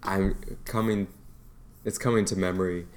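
A podcast co-host with a very low voice speaks in an easy, relaxed way. They often murmur short agreements while the other person talks. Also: moderate pace. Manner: relaxed, frequent backchannel. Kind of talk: casual conversation.

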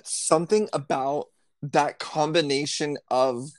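A man's voice: on the high side, steady tone, slow, no room sound, clean studio sound. A man co-hosting a podcast in casual chat, laughing often as he tells a story. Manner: giggly, laughs often while telling a story. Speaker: podcast co-host.

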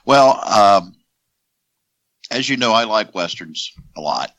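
A man's voice: fairly low pitch, animated, slow pace, fairly bright tone, dry recording. A man co-hosting a movie podcast with folksy humor. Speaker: podcast co-host. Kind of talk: casual podcast chat.

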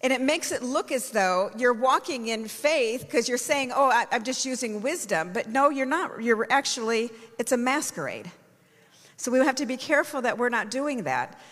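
A woman's voice: a little high, expressive, moderate pace, fairly bright tone. A woman apostle preaching a sermon, telling a personal story and rising into fervent praise. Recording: long hall reverb.

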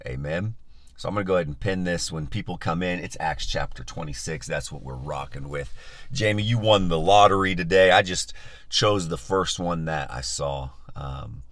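A man's voice: low voice, fairly bright tone, no echo. A male pastor leading a live-streamed Bible study, upbeat and enthusiastic as he chats with his listeners, on a phone mic.

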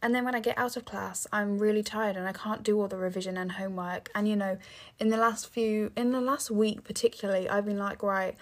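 A woman's voice: mid-range voice, fairly even intonation, a little fast. A teenage girl from England hosting her own podcast, rambling casually with many fillers and restarts, sounding tired. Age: teens. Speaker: podcast host. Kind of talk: casual monologue.

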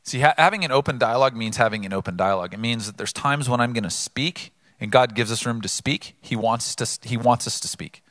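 Bright, earnest male preacher. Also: fast, hardly any pauses, no room sound, clean studio sound. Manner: earnest, builds to emphatic peaks then drops low; animated storyteller. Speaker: pastor. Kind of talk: sermon.

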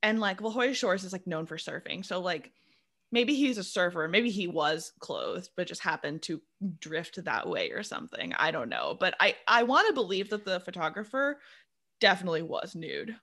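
A woman's voice: fairly low pitch, very animated, normal speed, fairly bright tone. A woman co-hosting a casual chat show, laughing often and filling her talk with "like". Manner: giggly, says "like" a lot. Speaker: podcast co-host.

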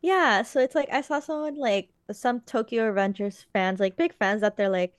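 A woman's voice: a little high, normal speed, no room sound, studio quality. A woman chatting casually as a podcast co-host, rambling earnestly with many fillers. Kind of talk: casual chat.

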